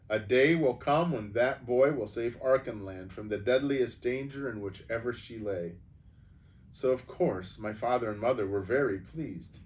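A man reading aloud and voicing an eager, talkative boy prince who rambles on in rushes. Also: lowish voice. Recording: voice from a distance.

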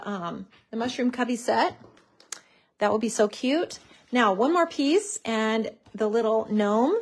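A woman hosting a craft tutorial, chatting casually and gushing over how cute everything is as she works. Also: a little high.

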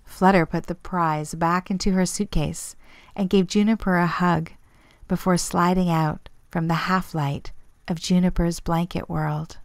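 Slow, measured woman storyteller. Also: lowish voice, fairly even intonation, no room sound. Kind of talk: scripted storybook narration.

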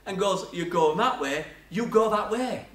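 An older man preaches in a church hall in a high, somewhat bright voice, speaking a little slowly. His sermon wanders through chatty personal stories and self-mocking laughs, picked up from a distance with an echoey church sound.

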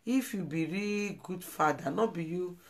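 A Nigerian woman hosts a live video, her voice fairly low and a little slow. She pleads emotionally and keeps repeating herself in this live-stream commentary.

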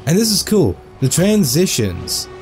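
A man giving casual, jokey let's-play commentary, excitable and full of goofy asides. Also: fairly high pitch, measured pace, soft background music. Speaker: gameplay commentator.

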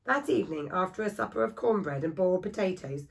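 A woman reading a children's story aloud in a steady, expressive storytelling voice. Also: lowish voice, quick pace, vocal fry, rough recording. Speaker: school staff reader.

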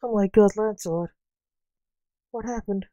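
A woman's voice: mid-range voice, measured pace, mellow, no room sound, natural voice. Woman voicing a grumpy, snappish old doctor. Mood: alarmed. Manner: snappish, moaning complaints. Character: grumpy older male doctor, impatient. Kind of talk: amateur story reading.

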